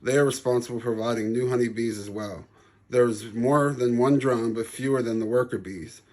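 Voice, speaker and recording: A man's voice: medium pitch, fairly even intonation, fairly quick, a little mellow, natural voice. A man voicing a friendly female queen honeybee who patiently teaches in a children's storybook. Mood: instructive. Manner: kindly, instructive.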